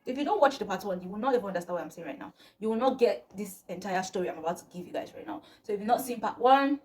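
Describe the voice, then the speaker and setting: A woman's voice: medium pitch, animated, very fast, darkish tone. A young woman, telling a personal story to her viewers in a dramatic, exclamatory way. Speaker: vlogger. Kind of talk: storytime vlog.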